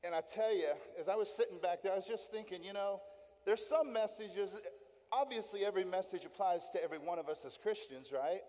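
A man with a high but mellow, warm voice delivers an emphatic sermon. He is middle-aged and talks to the congregation directly, driving points home with repetition and tag questions. A long reverb from the sanctuary trails every phrase. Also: a little fast. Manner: emphatic, keeps asking "right?" and repeating key points. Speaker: lay guest preacher. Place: church sanctuary.

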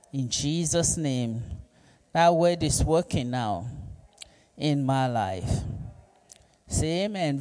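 Slow, emphatic male preacher. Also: on the high side, dark tone. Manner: slow, emphatic preaching with repeated calls to the congregation. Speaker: pastor. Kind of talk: sermon with call-and-response.

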